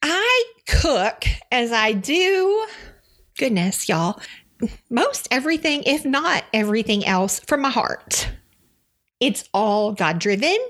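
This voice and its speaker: A Texan woman hosts a Christian devotional podcast, seated at a studio microphone, and she's teary and sniffling as she talks. Her voice is on the high side, very animated and fairly bright, and she takes it slowly, sounding emotional and effusive.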